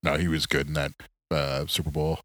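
A very low-pitched man rambles through a casual podcast chat. He rants with profane, animated emphasis. The sound is dry and close. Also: fairly quick, dry recording. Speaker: podcast co-host.

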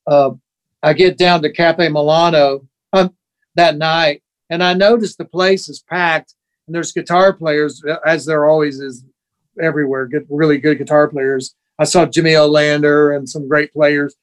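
A man in his sixties spins animated anecdotes as a guest in a casual chat, slipping into the voices of the people he quotes. His voice sits a touch higher than most men's. He turns heartfelt and sentimental as the tales unfold. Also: normal speed. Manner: emotional, sentimental. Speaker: guest musician.

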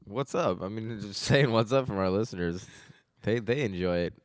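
A man's voice: fairly low pitch, normal speed, dry recording, studio quality. A man co-hosting a casual podcast, laughing often and acting out movie lines in put-on voices. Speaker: podcast co-host. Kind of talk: casual chat.

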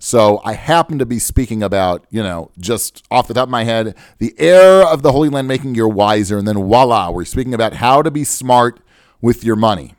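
A man's voice: medium pitch, animated, normal speed, dry recording, clean studio sound. A man hosting a podcast, talking off the cuff in a sarcastic, self-mocking way about money. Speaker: podcast host. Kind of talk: unscripted podcast monologue.

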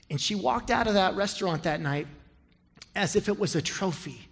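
High-voiced guy preaching, quiet story bits then big loud build-ups, long church reverb. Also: normal speed. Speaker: pastor. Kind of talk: sermon with storytelling and prayer. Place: large church sanctuary.

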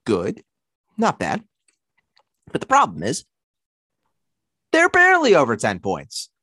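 Long island guy hosting a sports chat, pitch jumping all over, dry sound. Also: slow pace, no room sound. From Long Island, New York. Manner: animated, playful, jumps between high and low pitch. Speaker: podcast host.

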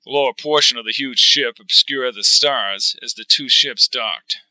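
A man reading a science fiction novel aloud, with steady, even storytelling. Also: mid-range voice, normal speed, no room sound, rough recording. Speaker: narrator.

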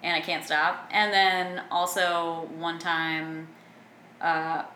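A woman's voice: on the low side, little pitch movement, slow pace, bright, forceful tone. A young adult woman co-hosting a podcast, chatting casually and animatedly, swearing now and then. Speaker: podcast co-host. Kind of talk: casual chat. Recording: echoey room with faint noise.

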